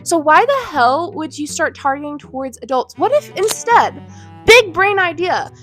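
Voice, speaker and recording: A woman's voice: high-pitched, very animated, normal speed, a bit bright. A woman in her twenties giving a heated, indignant rant to camera, blunt and swearing. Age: 20s. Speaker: vlogger. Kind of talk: ranting commentary to camera. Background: faint background music.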